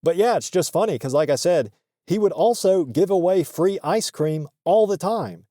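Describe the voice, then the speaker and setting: A man's voice: high-pitched, animated, moderate pace, dark tone, dry recording, studio quality. A man telling a work story in a casual, profane and joking way, laughing between lines.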